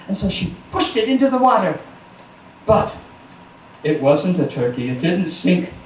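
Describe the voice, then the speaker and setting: A man's voice: sits high, very animated, measured pace, pauses often, slight background noise. A man telling a folk tale live to a small audience, playful, with chatty asides. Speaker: storyteller. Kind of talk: live storytelling performance. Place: small house concert venue. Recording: roomy live recording from a distance.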